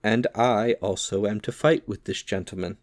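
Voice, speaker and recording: A man voicing a discreet, scholarly musketeer in an audiobook reading, in a smooth, discreet manner. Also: fairly low pitch, moderate pace, no echo, studio quality, lightly acted.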